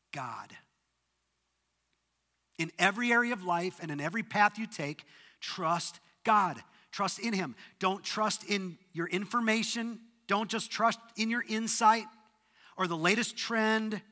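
A man preaching a sermon, retelling a scripture story with dramatic rises and sudden soft drops. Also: high voice, big-room sound. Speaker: pastor.

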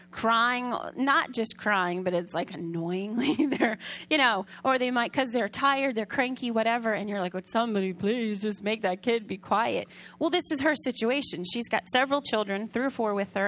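A woman whose voice is on the high side gives a sermon in a conversational, story-driven manner. She keeps asking the congregation questions, now and then dropping quiet and gentle.

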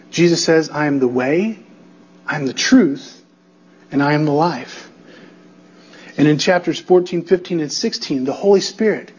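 Male pastor, expository sermon, emphatic, repetitive build, husky voice, muffled lo-fi sound. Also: on the high side, a little mellow.

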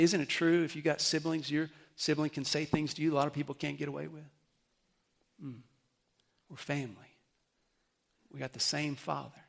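A man, a pastor, preaching an earnest sermon to his church, rising loud and urgent and then dropping soft and low. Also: vocal fry. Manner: earnest, rises loud and high when urging, drops soft and low at close.

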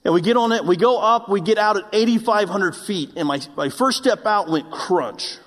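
Brief: male pastor, fairly high voice, self-mocking storyteller turning earnest, long hall reverb of a church. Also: normal speed, a bit bright. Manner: earnest preaching to a congregation. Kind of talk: sermon.

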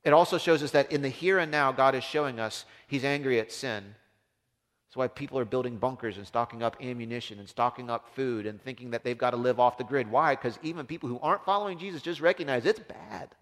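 A man preaching a sermon as a pastor, impassioned, swinging from loud emphasis down to hushed, low tones. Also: quick pace. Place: church. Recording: long reverb of a large hall.

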